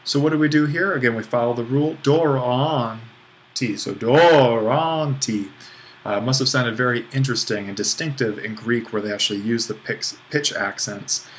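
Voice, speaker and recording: A man gives a relaxed, step-by-step online lesson on Greek accents, pausing on fillers and joking at his own expense. His voice sits in an ordinary middle pitch. A faint hiss of background noise runs under the recording. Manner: explanatory, self-deprecating, with fillers. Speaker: Greek language instructor.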